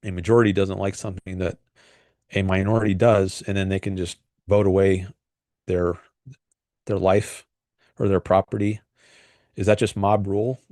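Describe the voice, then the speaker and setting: A man hosting a solo livestream, talking through political ideas in a thoughtful, hesitant way with frequent pauses and restarts. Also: low-pitched, level tone, a little mellow, no echo, studio quality. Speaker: livestream host. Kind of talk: casual solo commentary.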